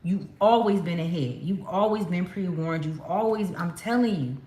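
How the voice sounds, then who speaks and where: Chatty slang-heavy woman with a low voice. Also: moderate pace, warm tone. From California. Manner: chatty, emphatic, slangy, addresses viewers as y'all. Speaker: tarot card reader. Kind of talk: casual spiritual reading to viewers. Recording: echoey room.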